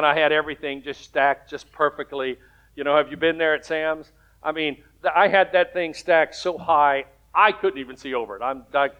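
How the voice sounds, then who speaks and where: A man's voice: on the high side, highs cut off. A man preaching a sermon as pastor, telling stories in a conversational way and rising to emphatic points.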